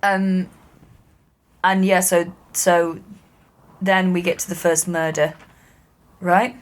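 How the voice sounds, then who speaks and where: A woman's voice: lowish voice, little pitch movement, slow pace, a little hiss or hum. A woman co-hosts a comedy podcast in a loose, sweary chat. She tells stories and slips into little voices for the people she quotes. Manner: sweary, storytelling, acts out quotes.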